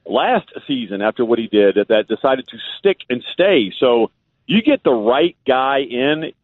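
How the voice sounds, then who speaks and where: A man's voice: mid-range voice, sing-song, unhurried, no echo. Folksy Louisiana man on a phone line. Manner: folksy, drawling, lots of "uh" fillers. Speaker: guest radio host. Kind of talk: casual radio chat.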